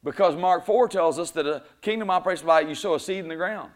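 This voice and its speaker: A male preacher delivering a fervent sermon, repeating phrases rhythmically, slowing for emphasis and rising to shouts. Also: high voice. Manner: rhythmic repetition, slows for emphasis.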